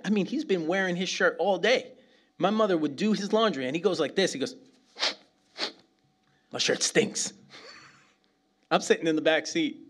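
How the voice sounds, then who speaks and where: A middle-aged man from New York City, preaching a sermon full of humorous stories, laughing often and asking "right?" again and again. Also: a little high. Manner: animated, laughs often, asks "right?" constantly. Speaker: pastor.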